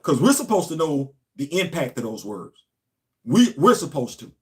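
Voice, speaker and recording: A man's voice: fairly high pitch, sing-song, moderate pace, darkish tone. A man, a show host and former Marine, telling a long casual story and asking his listeners rhetorical questions.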